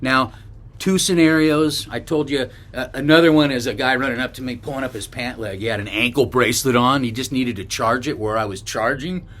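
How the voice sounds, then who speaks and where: A man's voice: mid-range voice, fairly even intonation, a little fast, fairly bright tone. A man from northern California, a bikepacking vlogger, telling a story to camera in a loose, rambling way with restarts and asides.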